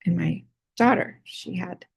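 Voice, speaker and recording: Gravelly breathy woman rambling a story. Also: lowish voice, a little slow, no echo. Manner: rambling, many fillers and restarts. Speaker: artist vlogger. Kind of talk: casual personal storytelling.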